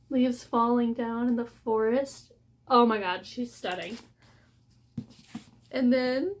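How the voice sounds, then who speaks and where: High-voiced gushing woman book vlogger. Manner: gushing and excitable, with gasps of delight. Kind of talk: casual book haul unboxing.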